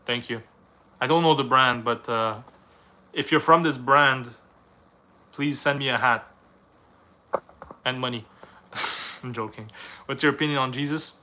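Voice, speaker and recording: A man's voice: mid-range voice, unhurried, pauses often, bright, forceful tone. A young man from Canada, reading viewers' questions aloud on a live stream and answering them in a casual, rambling way.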